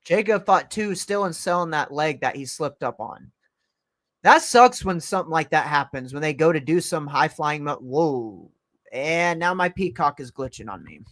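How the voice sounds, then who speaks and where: Guy w a high pitched voice going a bit hoarse, reacting live to wrestling at his pc, hyped play by play, super dry audio. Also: no echo. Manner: excited play-by-play, calling moves as they happen. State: starting to lose his voice. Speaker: livestream host. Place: at home by his PC.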